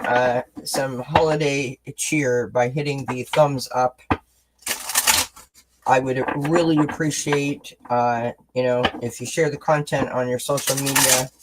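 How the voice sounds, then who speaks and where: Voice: mid-range voice, very noisy. Chatty encouraging tarot reader on a livestream. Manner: chatty, encouraging, responds to chat comments; self-deprecating asides. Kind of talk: live-streamed tarot reading, casual chat.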